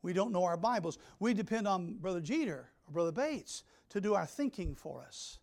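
A pastor preaching an emphatic sermon, swinging between loud declarations and hushed asides. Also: male voice, high voice, expressive, normal speed, creaky.

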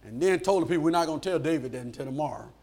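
A man preaching a sermon in an animated call-and-response style, acting out the voices in the stories he tells. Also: on the high side, racing.

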